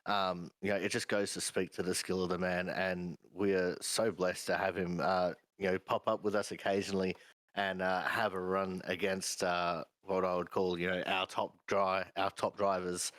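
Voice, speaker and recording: A man's voice: deep voice, level tone, moderate pace, fairly bright tone, no room sound, low-quality recording. A man with an Australian accent, co-commentating sim racing in an easygoing way, full of fillers. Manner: easygoing, many "uh, you know" fillers. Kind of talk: race commentary chat.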